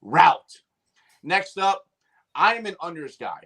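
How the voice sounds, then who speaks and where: A man's voice: on the high side, normal speed, fairly bright tone. A man hosting a sports betting show, cocky and punchy, firing off picks with catchphrases. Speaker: podcast host giving bets. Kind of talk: brash sports betting rant.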